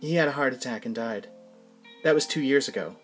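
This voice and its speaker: A man voicing a chatty, motherly older woman who fusses gently over her passenger. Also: mid-range voice, a little fast, faint music behind, voice pushed up, lightly acted.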